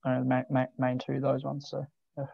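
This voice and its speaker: Laid-back Australian teen, flat-voiced. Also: male voice, mid-range voice, fairly quick, gravelly, no echo. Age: late teens. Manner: laid-back, many ums and restarts. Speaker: guest, junior footballer. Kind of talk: casual interview chat. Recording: dull lo-fi dry recording.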